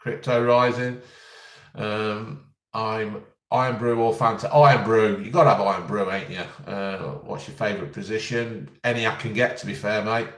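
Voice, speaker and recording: A man's voice: on the low side, fairly even intonation, moderate pace, a bit bright. A man answering viewers' questions in a casual live stream, blunt and jokey as he reads out each question. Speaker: vlogger answering live chat. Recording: roomy and distant from the mic.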